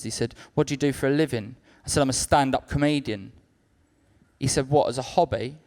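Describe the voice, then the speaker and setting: A young man doing a stand-up comedy set on a club stage, telling stories deadpan and acting out other people's lines. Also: mid-range voice. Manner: acts out others' lines in quick-switching voices.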